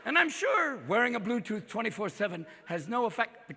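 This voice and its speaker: A man in his fifties doing a manic, profane stand-up comedy set on a theater stage, jumping between rapid-fire character voices. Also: very high voice, big pitch swings, vocal fry, pushed and bright, slightly rough. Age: 50s. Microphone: stage microphone. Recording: live theater recording with long reverb and crowd. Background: audience laughter.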